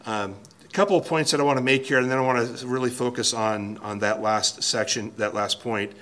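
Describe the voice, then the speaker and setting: A man's voice: mid-range voice, fairly even intonation, a little fast, fairly bright tone. A man preaching an expository sermon from a church pulpit, earnest and emphatic, often restarting and repeating words. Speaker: pastor.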